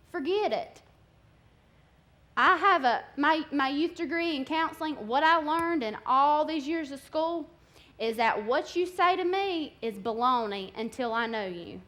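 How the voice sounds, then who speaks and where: A woman's voice: high voice, fairly bright tone. A young woman preaching as a guest speaker, candid and conversational, with growing passion. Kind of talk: sermon.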